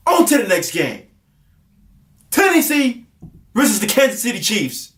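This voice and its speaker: A man hosting a comedic sports prediction show who swings into exaggerated, shouted mock outrage. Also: high-pitched, very animated, normal speed. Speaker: host. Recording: echoey room.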